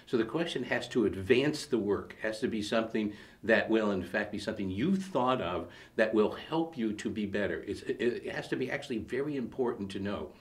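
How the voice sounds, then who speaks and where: A middle-aged man with a deep voice talks as an acting coach. He explains things in a measured way and puts questions to his co-host. His tone stays casual. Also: animated. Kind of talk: casual advice chat.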